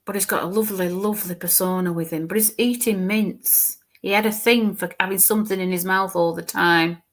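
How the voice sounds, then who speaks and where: Halting woman medium. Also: mid-range voice, fairly even intonation. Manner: halting, repeats words, describes what she sees, drops to murmurs. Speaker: medium giving a reading. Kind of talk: live mediumship reading.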